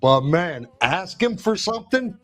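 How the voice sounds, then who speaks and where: A man from New Jersey on a casual podcast, an animated storyteller who acts out his family in quotes. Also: high-pitched, a little slow, faint music behind. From New Jersey, USA. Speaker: podcast co-host.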